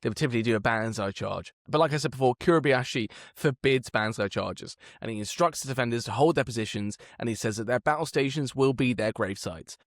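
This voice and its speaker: Male podcast co-host, mid pitch, animated storyteller, dry booth sound. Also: no echo. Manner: animated storytelling, swears, sometimes slow and emphatic. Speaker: podcast co-host telling history. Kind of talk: casual history podcast chat.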